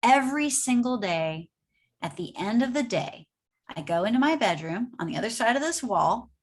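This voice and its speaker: A woman's voice: a little high, lively intonation, moderate pace. Upbeat woman giving a motivational business talk. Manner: upbeat, conversational, asks the audience "right?". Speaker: presenter. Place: home office.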